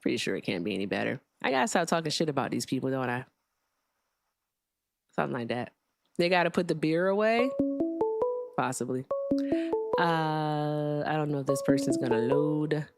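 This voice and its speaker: A woman's voice: deep voice, lively intonation, normal speed, vocal fry, long pauses, over loud music. A woman hosting a live call-in debate stream, blunt, sarcastic and crude. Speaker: host.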